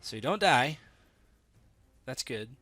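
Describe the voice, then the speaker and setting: A man's voice: medium pitch, big pitch swings, slow, pushed and bright, no echo. A man running a tabletop game as game master, explaining rules and thinking aloud with many fillers.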